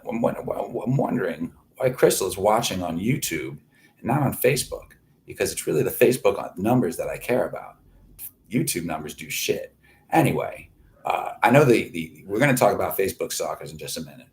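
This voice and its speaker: Man, deep voice, profane, boastful, rambling livestream monologue at home. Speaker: livestream host.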